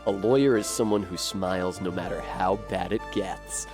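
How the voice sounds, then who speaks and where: A woman voicing a suave, teasing male lawyer mentor in a low, smooth drawl. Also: moderate pace, music in the background. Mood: smug.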